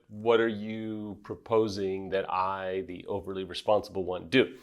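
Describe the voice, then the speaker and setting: A man coaching couples in affair recovery, speaking directly to viewers in an earnest, emphatic way with self-deprecating asides. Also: medium pitch. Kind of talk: direct advice talk to viewers.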